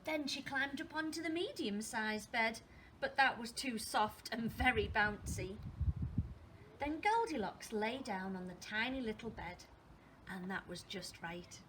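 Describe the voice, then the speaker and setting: Woman teacher, storybook reading to young children, slow pace, high voice, expressive, asks questions. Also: a little hiss or hum. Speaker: primary school teacher.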